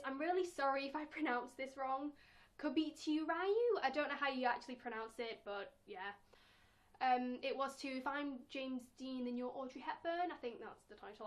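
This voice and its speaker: A young woman with a British accent, chatting playfully in a casual question-and-answer vlog and acting out quotes in a squeaky voice. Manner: acts out quotes in a squeaky high voice. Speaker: vlogger.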